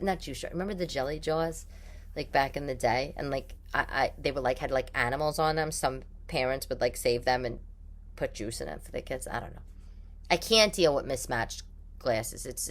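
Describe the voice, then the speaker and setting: Podcast host, woman, New York accent, deep for a woman, loose rambling chatter full of fillers. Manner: chatty, rambling, laughs easily, many fillers. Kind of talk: casual solo podcast chat. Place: home living room.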